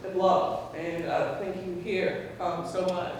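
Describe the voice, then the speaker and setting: A woman's voice: on the low side, slow pace, distant mic, background noise. Woman telling stories in an echoey hall. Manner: animated, acts out quoted voices, laughs often. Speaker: speaker at a memorial tribute. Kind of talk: personal storytelling to a gathering. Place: large hall at a community gathering.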